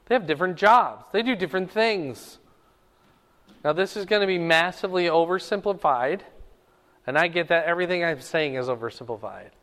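Male Bible teacher, clear resonant voice, keeps checking in with the class. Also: fairly high pitch, lively intonation, fairly quick, a bit bright, long reverb tail.

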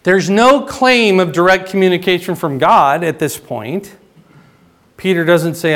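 A male pastor teaching a sermon in a conversational way, often checking in with "right?" and "okay?", his voice climbing higher and louder to stress a point. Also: a little slow. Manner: rises in pitch and volume for emphasis.

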